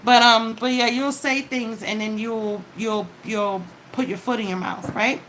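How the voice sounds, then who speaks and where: A woman's voice: a little high, fairly even intonation, a little slow, a bit bright, a little hiss or hum, low-quality recording. A woman giving a casual tarot reading, talking straight to the viewer with advice and frequent "okay?" check-ins. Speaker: tarot card reader.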